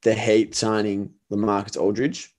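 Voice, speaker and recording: A man's voice: fairly low pitch, completely flat delivery, unhurried, darkish tone. An Australian man in a casual podcast chat, with a dry, teasing way of talking. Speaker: podcast co-host. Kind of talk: casual late-night chat.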